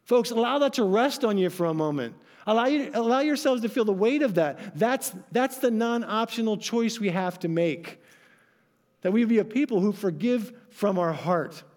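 A man's voice: high-pitched, animated, normal speed, darkish tone. A male pastor giving a sermon, telling stories animatedly and acting out voices with emphatic asides to his congregation.

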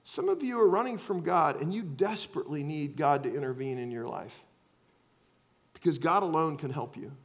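A man preaching a sermon, swinging between loud acted-out outbursts and quiet, earnest asides. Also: fairly high pitch, animated, moderate pace. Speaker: pastor.

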